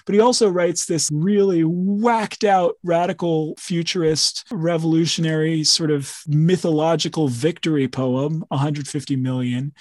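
A man's voice: fairly high pitch, fairly even intonation, moderate pace, hardly any pauses, a little mellow. A man hosting a podcast as a professor, explaining ideas in an enthusiastic, rambling, casual academic way.

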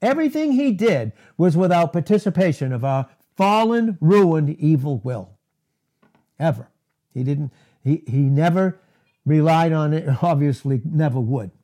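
A man preaching a sermon, deliberate and emphatic, repeating key words for stress. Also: a little high, lively intonation, mellow.

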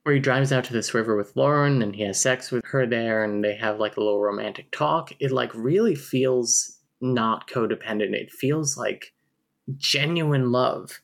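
A man's voice: medium pitch, normal speed, vocal fry. Chatty man reviewing a book. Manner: chatty, frequent "like" fillers. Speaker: podcast host reviewing a book. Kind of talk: casual chat with read-aloud excerpts.

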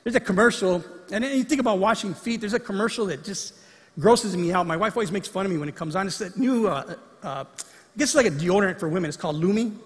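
A man preaching from the pulpit with a high voice, animated and fond of acting out the voices he quotes. The sound carries a long reverb from the church sanctuary around him. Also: fast talker. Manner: animated, acts out quoted lines. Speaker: pastor. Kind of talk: sermon.

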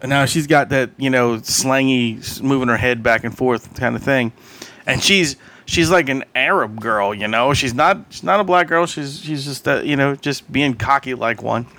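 A man's voice: mid-range voice, normal speed, pushed and bright. A man co-hosting a podcast, telling a rambling story in casual chat, acting out quoted voices and laughing often. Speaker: podcast co-host.

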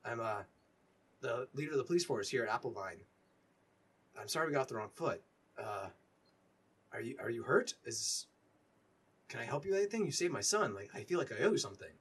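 A man voicing a flustered male police captain in a tabletop game, who talks in a hurried, stammering and apologetic way. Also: medium pitch, sing-song, breathy edge.

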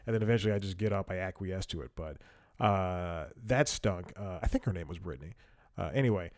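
A young man, talking in a loose, rambling way, full of fillers and false starts. His voice sits fairly low, and the sound is dry and close, with no room echo. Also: brisk. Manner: rambling, many fillers and restarts, wry laughs. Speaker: podcast host. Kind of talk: casual storytelling monologue.

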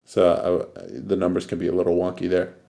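A man's voice: deep voice, monotone, quick pace, gravelly, mellow. A man hosting a podcast in casual chat, laughing often and swearing casually. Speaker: podcast host.

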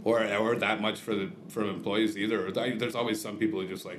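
Male host, lowish voice, halting, roomy sound. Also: steady tone. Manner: hesitant, many fillers. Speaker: podcast host, restaurant owner. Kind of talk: casual interview chat. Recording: roomy with faint noise.

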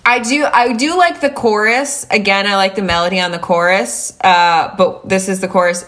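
A woman's voice: mid-range voice, normal speed, hardly any pauses, fairly bright tone. A young woman co-hosting a podcast in casual chat, sarcastic and often laughing. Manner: laughing, sarcastic, reads lyrics aloud mockingly. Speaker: podcast co-host.

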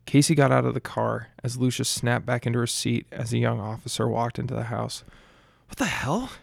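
A man reads a story aloud in a steady, plain way. His voice is heavily gravelly with lots of fry, and the recording is dry and close. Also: medium pitch, fairly quick, no room sound. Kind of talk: audiobook narration.

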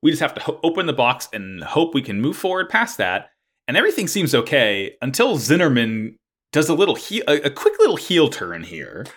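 A man's voice: medium pitch, huge pitch swings, brisk, a bit bright. A man recapping a plot in casual chat, rambling with lots of fillers and swearing. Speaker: podcast co-host recapping an anime.

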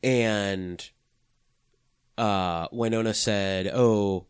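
A man's voice: fairly low pitch, steady tone, slow, clear, resonant tone, no echo, studio quality. A young man co-hosting a casual podcast chat, rambling with lots of "like" and swearing freely. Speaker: podcast co-host.

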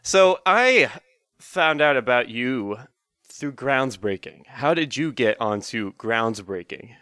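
A man's voice: mid-range voice, lively intonation, slow pace, sharp tone, clear, resonant tone, no echo. A man hosting a casual podcast interview, playful and teasing, laughing often and stammering over his questions. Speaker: podcast host.

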